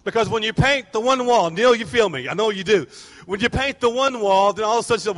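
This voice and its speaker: A pastor preaching a sermon, telling stories animatedly and acting out people's voices. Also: male voice, high voice, quick pace, fairly bright tone, in a large hall.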